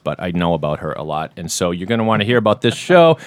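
Animated low-voiced man hosting a podcast. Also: dry recording, clean studio sound. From United States. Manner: animated, joking, quick asides. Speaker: podcast host. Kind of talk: casual chat.

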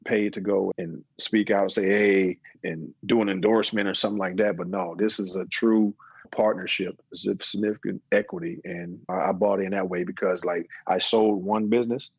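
A middle-aged man, an interview guest and business owner, talking casually and telling his story with lively quoted dialogue. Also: low voice, moderate pace, gravelly, slightly rough, no echo, poor audio. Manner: storytelling, animated when quoting others.

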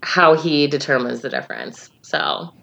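A woman's voice: very deep voice, huge pitch swings, unhurried, gravelly, fairly bright tone, dull audio. A woman co-hosting a podcast in casual chat, teasing and laughing often, talking into a microphone. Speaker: podcast co-host. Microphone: studio microphone.

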